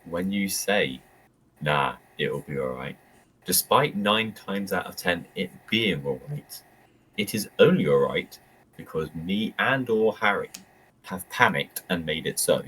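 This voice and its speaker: A man's voice: low voice, animated, a little slow, a bit bright, husky, rough recording. A young man, co-hosting a podcast and making dry, teasing remarks in a casual chat. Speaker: podcast co-host.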